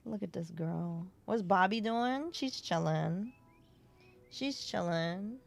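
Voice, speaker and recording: A woman streamer in casual live-stream chat, relaxed, affectionate and chatty. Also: medium pitch, slow pace, vocal fry.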